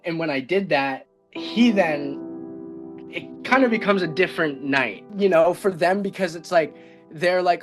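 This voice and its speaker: A man's voice: on the high side, unhurried. A young man telling a personal story as a podcast guest, rambling and filling his speech with "like". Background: background music.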